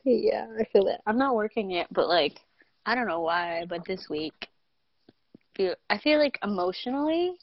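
A woman's voice: mid-range voice, animated, normal speed, dry recording. A young woman co-hosts a casual podcast chat, candid and self-mocking, breaking into laughter often. The sound is dry and close, with a dull, lo-fi edge. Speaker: podcast co-host.

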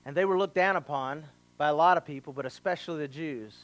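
Male pastor with a raised pitch; an energetic preacher who jumps between storytelling and direct address. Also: fast talker. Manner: animated preaching with acted quotes and asides. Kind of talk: sermon.

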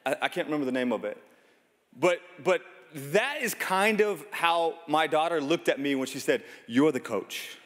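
Chatty pastor preaching in an echoing hall. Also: male voice, a little high, lively intonation, moderate pace, fairly bright tone. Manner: conversational storytelling with self-deprecating humor. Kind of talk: sermon. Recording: long reverb of a large hall.

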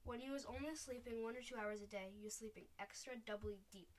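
A woman's voice: on the high side, little pitch movement, quick pace, lightly acted. A woman voicing a huge, kindly giant who speaks in muddled grammar, in a storybook reading. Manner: ungrammatical speech.

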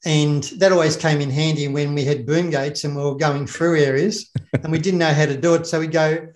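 A man's voice: fairly high pitch, fairly even intonation, brisk. A man, a former special operations officer, chatting casually in a rambling way, repeating words and laughing often. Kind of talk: casual conversation. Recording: roomy echo.

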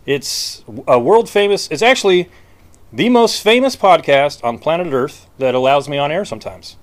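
A man's voice: on the high side, expressive. A man from the United States, a podcast correspondent, playfully questioning strangers outdoors on a street. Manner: playful, mock-grand, quick to laugh. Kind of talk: casual street interviews.

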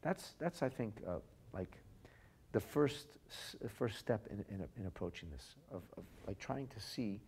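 A man giving a podcast Torah lecture, an expressive storyteller who moves from quiet to loud and weaves in Hebrew and Aramaic phrases. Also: on the low side, measured pace, vocal fry, husky. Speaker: Torah teacher.

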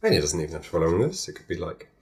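A woman's voice: very deep voice, big pitch swings, darkish tone. A woman co-hosting a podcast in jokey, giggly casual chat. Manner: jokey, giggly, quick asides. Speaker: podcast co-host.

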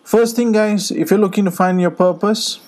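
A man's voice: high-pitched, steady tone, normal speed, a little mellow. A man co-hosting a podcast in casual chat, speaking earnestly with many fillers and restarts. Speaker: podcast co-host.

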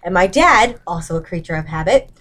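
A woman's voice: fairly low pitch, lively intonation, fairly quick, a bit bright. Chatty woman telling a story. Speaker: podcast guest. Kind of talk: casual storytelling chat.

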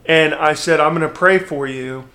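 A man in his thirties talking as a podcast guest, his voice bright and fairly high. He tells his story candidly and with energy, often restarting his sentences. The delivery is a relaxed, casual conversation. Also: normal speed. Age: 30s.

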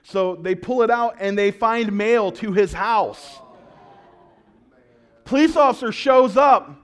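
A man's voice: high voice, takes it slowly, clear, resonant tone. A male pastor preaching a sermon, telling stories with jokes and acted-out quotes. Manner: storytelling, animated and joking, with acted-out quotes.

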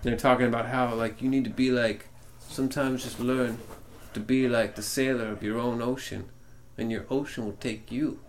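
A man's voice: mid-range voice, steady tone, normal speed, slight background noise. A man co-hosting a podcast, rambling and swearing in an upbeat, casual way. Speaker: podcast co-host.

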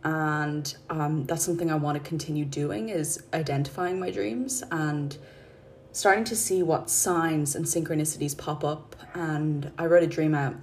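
A woman hosting her podcast, talking in a calm, chatty, rambling way into her phone at home. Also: low-pitched, normal speed, a little hiss or hum. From Ireland. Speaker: podcast host and mindset coach. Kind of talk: casual spoken podcast chat. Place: her apartment.

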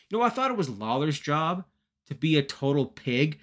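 A man's voice: fairly high pitch, big pitch swings, moderate pace. A man from Canada giving a joking, casual wrestling recap as a podcast host. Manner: joking, chatty.

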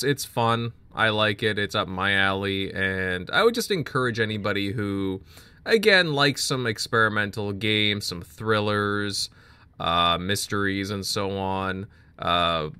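A man's voice: on the low side, bright, forceful tone, clean tone. A man hosting a casual gaming podcast, steering the talk and agreeing easily with the guests. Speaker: podcast host. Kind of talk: casual chat.

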